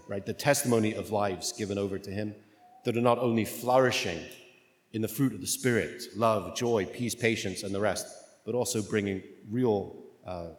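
A man preaching a sermon in a conversational way, often checking in with his listeners with "right?" and "okay?". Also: fairly low pitch. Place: church. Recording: echoey church with long reverb.

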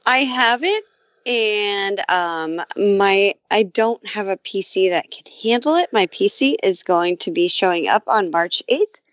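A woman's voice: mid-range voice, expressive, measured pace, no room sound, dull audio. A woman guesting on a podcast in casual chat, brash and laughing easily.

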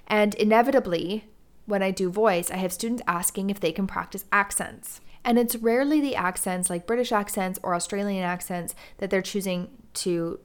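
A woman from Canada who teaches drama speaks in an earnest, measured way. She explains her points steadily, in a mid-pitched voice that is neither high nor low. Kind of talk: reflective talk on teaching.

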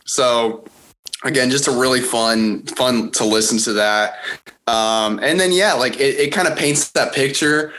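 Male podcast co-host with a bright, sharp tone and middle pitch, easygoing and rambling. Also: measured pace, a little hiss or hum. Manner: relaxed, rambling, many fillers like "you know". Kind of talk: casual music podcast chat.

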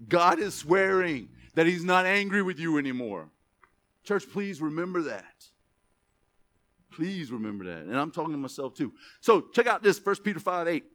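A man preaching a sermon as pastor, reading verses slowly with emphasis, then dropping into quick asides to the church. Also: on the high side. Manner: animated, stretches scripture words for emphasis, drops to asides.

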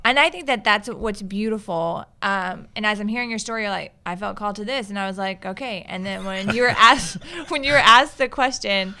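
A woman's voice: mid-range voice, brisk, few pauses, sharp tone, clean tone. A woman hosting a podcast, reflecting on a guest's story in casual conversation. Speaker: podcast host.

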